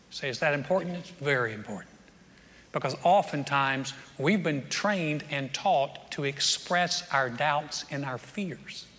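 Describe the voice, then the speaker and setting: A man's voice: a little high, sharp tone. A man preaching a sermon in a folksy, joking, conversational way, now and then acting out what people say. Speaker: pastor. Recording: reverberant hall.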